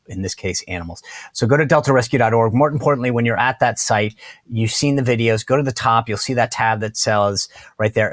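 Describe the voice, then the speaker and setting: A man's voice: on the low side, dry recording. A man hosting a podcast, giving casual political commentary in an emphatic way and stumbling over repeated words when worked up. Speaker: podcast host.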